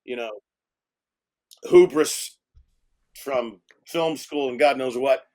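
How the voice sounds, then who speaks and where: A man's voice: mid-range voice, takes it slowly, darkish tone. A man around sixty, a film director telling anecdotes in a casual interview, laughing often and swearing freely.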